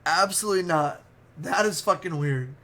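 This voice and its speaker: A man's voice: fairly high pitch, normal speed, a bit bright, pitched below the performer's own voice. A man doing a blunt, disgusted young woman. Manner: blunt, incredulous.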